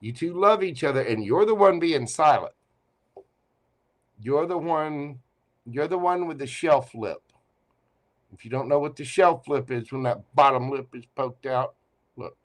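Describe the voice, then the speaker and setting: A man's voice: medium pitch, a little slow, pauses often. A man giving a live tarot reading, teasing and playful as he talks straight to the listener. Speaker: tarot reader.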